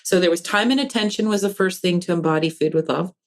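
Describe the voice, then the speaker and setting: A woman's voice: lowish voice, fast. A woman, a counselor and author, talking in a podcast interview and acting out parents' voices as she explains. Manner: animated, acts out parents' voices in quotes. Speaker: guest, developmental counselor and author.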